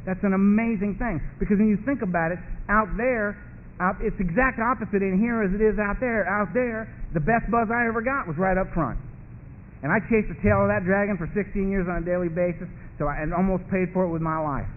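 An emphatic man gives a rapid personal testimony at a recovery meeting, in a high, lively voice. His speech is colloquial and repetitive, and he keeps circling back to press his point. The sound is thin and phone-like, with a faint hiss underneath.

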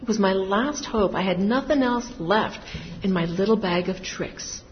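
A woman's voice: mid-range voice, moderate pace. A middle-aged woman giving a candid, confessional personal testimony to a group, her emotion swinging as she tells it. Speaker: speaker sharing her recovery story. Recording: distant reverberant hall, dull sound, faint noise.

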